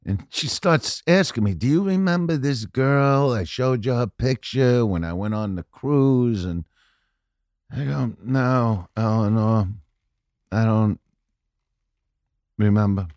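A man telling stories as a podcast guest, profane and rambling, saying "you know" constantly and often building to loud punchlines. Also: medium pitch, takes it slowly, no echo, studio quality. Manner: animated, often shouting punchlines. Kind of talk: casual storytelling chat.

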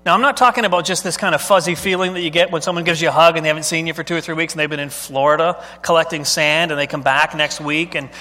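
A man's voice: a little high, steady tone, fast talker, hardly any pauses, bright, forceful tone. A male pastor preaching a sermon in a conversational way, often putting questions to the congregation. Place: church sanctuary. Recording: long hall reverb.

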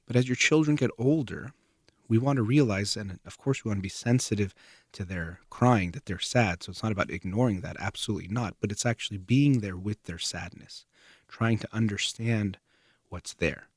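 Calm, low-voiced man explaining. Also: slightly rough, no room sound, studio quality. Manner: calm, measured, earnest, trailing off softer at phrase ends. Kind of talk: explanatory talk to camera.

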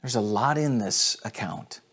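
A man's voice: on the low side, unhurried, a bit bright, husky. A male pastor preaching a sermon to people watching online, in an earnest, direct manner. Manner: earnest, direct address with repetitions.

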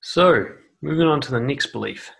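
A man's voice: mid-range voice, animated, moderate pace, creaky, fairly bright tone. Man, dating coach, blunt, curses casually, mimics others, sitting indoors. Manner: blunt, swears casually, acts out quoted voices. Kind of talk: casual advice monologue to camera. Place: seated indoors on a noisy chair.

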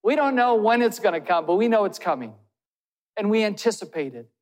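A man with a high, sing-song voice preaches a sermon as pastor, speaking fairly quickly. He's earnest and puts direct questions to his listeners. The church hall recording carries a long reverb.

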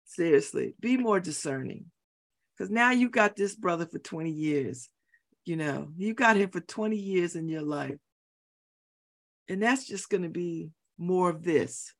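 A middle-aged woman hosting a talk radio show, giving an opinionated monologue and repeating her points for emphasis. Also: on the low side. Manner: emphatic, repeats phrases for effect, preachy. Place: radio studio.

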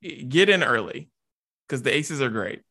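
A man's voice: medium pitch, animated, normal speed, vocal fry, pushed and bright. A young man co-hosting a casual music podcast, easygoing and self-deprecating, laughing often. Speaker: podcast co-host.

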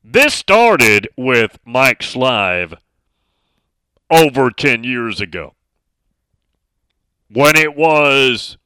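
A man's voice: mid-range voice, very animated, very slow, long pauses, pushed and bright, clean tone, no echo. A middle-aged man hosting a sports talk radio show, speaking emphatically and reading out listener messages.

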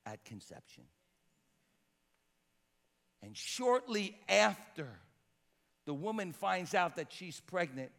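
High-voiced emphatic male pastor preaching. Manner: emphatic preaching, swings from loud to quiet. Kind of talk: sermon. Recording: long hall reverb.

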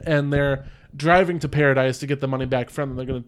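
A man's voice: medium pitch, fairly even intonation, fast talker, clear, resonant tone. A man casually recapping a film on a podcast, rambling with many fillers and restarts, and acting out lines from the story. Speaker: podcast host. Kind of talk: casual movie recap chat.

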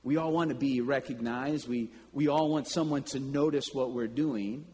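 A man preaching a sermon, telling stories in a slow, deliberate way and breaking into sudden loud calls. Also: mid-range voice, slight background noise. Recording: long reverb with faint ambience.

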